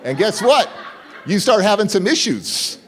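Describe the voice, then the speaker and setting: A man's voice: sits high, sing-song, a little slow, a faint crowd, slight background noise. A man giving a motivational keynote, telling a story with punchy repeated phrases and acting out both sides of the dialogue. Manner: punchy, repeats key words for emphasis. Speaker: motivational speaker. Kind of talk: keynote speech. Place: conference hall stage.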